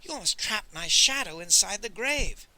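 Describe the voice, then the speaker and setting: Guy doing a hissy sneering grave robber, kinda low and mean. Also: very animated, fairly quick, bright, forceful tone, heavily acted, poor audio. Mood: snide. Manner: hissing, snide, lower.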